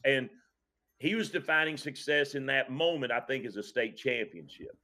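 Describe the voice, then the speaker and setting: A man who coaches high school football, speaking casually on a podcast, reflective and earnest, often restarting his sentences. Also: moderate pace, bright, forceful tone. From Kentucky.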